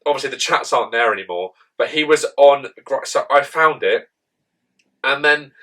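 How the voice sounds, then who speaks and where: Young male podcast co-host, bright tense tone, chatty rambling storyteller. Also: mid-range voice, normal speed, low-quality recording. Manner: rambling, heavy use of "like", animated retelling. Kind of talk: casual storytelling chat.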